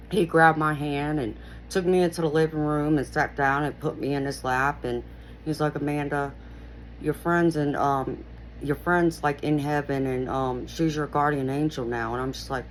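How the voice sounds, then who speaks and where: A woman's voice: deep voice, a little hiss or hum, poor audio. A woman hosting her own channel, telling a personal story in a rambling, earnest way with lots of "you know" fillers. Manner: earnest, reflective retelling. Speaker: channel host.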